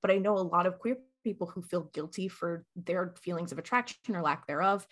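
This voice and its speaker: A woman co-hosting a podcast in casual chat, animated and acting out quoted lines. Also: fairly low pitch, fairly quick.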